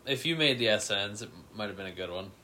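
Young guy on a sports podcast, bright voice, teasing and playful. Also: lowish voice, lively intonation, fast, slight background noise. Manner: teasing, drops playful hints. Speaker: podcast co-host. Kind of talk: casual sports podcast banter.

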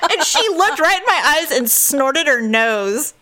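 Animated woman telling a story. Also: high-pitched. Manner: animated, acts out quotes, laughs often. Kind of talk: casual storytelling chat.

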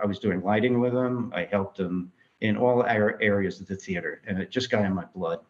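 An interview with a New York filmmaker who animatedly plays out quoted conversations while telling his life story. He speaks on the low side, with the highs cut off.

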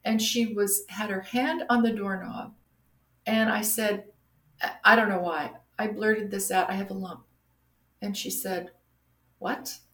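Middle-aged woman, guest storyteller, animated delivery, echoey room, mid-pitched voice. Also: a little slow. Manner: animated, acts out quoted voices. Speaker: guest sharing her story. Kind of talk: casual personal storytelling. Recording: roomy echo.

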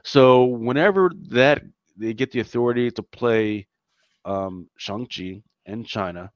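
A man's voice: medium pitch, measured pace, dry recording, muffled recording. A man from Philadelphia co-hosting a casual chat, talking loosely and emphatically, tossing in "man" and "right?" often. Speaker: podcast co-host.

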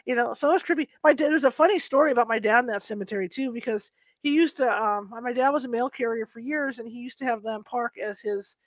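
A woman's voice: on the high side, quick pace, no room sound. A middle-aged woman from California telling stories in a casual chat, laughing now and then as she talks. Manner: chatty storyteller, laughs while telling. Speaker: conversation partner. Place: Sacramento, USA.

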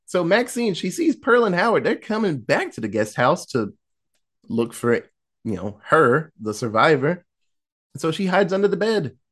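Male podcast host, chatty and animated, fairly high pitch, swears freely while retelling a horror plot. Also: moderate pace, breathy edge. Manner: animated storytelling, acting out quotes, laughing, profane. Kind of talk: casual chat.

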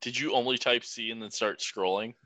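Young guy on a podcast, bright voice, dry close mic, crude teasing jokes. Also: medium pitch, steady tone, fairly quick, no room sound, poor audio. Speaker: podcast co-host. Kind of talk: casual podcast chat.

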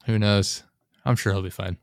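A man's voice: steady tone, moderate pace, dry recording. Sarcastic young man in a dry room. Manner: rambling, sarcastic, mimics people in high mocking voices. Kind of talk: casual chat.

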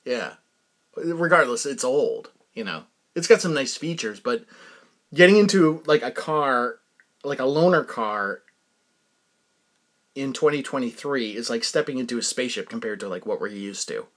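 A man's voice: medium pitch, lively intonation, moderate pace, fairly bright tone. A man hosting a podcast in a rambling, casual comic monologue who laughs often at his own stories. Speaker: podcast host.

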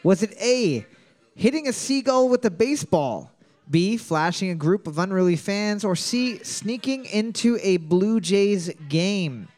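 Joking trivia host with a high voice. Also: male voice, animated, measured pace, a little mellow. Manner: joking, reads questions twice, laughs often. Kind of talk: casual bar trivia hosting with banter.

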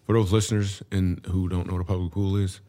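A man's voice: low voice, level tone, fast, dark tone, a little hiss or hum. A man hosting a podcast, chatting casually and joking while rambling through stories. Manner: rambling, joking, restarts sentences. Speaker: podcast host.

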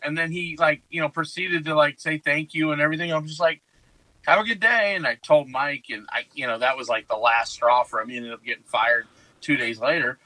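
A man's voice: on the high side, brisk, dry recording, poor audio. A man chatting casually, telling stories and acting out what people said to him. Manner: storytelling, animated quotes. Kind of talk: casual podcast chat.

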